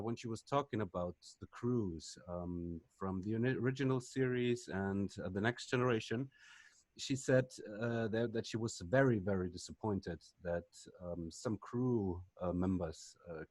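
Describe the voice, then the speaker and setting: A man's voice: fairly low pitch, dry recording. Hesitant man asking a question, dry sound. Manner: hesitant, halting non-native English. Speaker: audience member asking a question. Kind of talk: conference Q&A question.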